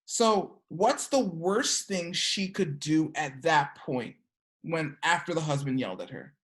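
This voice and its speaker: A woman leads a class, telling a teaching story and pausing to ask her students "okay?" as she goes. Her voice is low and her delivery slow and deliberate, with a casual, conversational tone. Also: lively intonation. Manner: checks in with students with frequent "okay?". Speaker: teacher of an energy work class.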